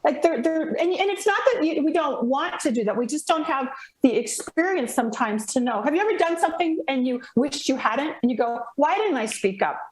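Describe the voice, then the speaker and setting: High voiced lady telling a story with lots of drama, acts out the people in it, roomy sound. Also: fairly quick. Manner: lively and dramatic, acting out voices in her story. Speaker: guest. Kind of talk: animated storytelling in a podcast chat.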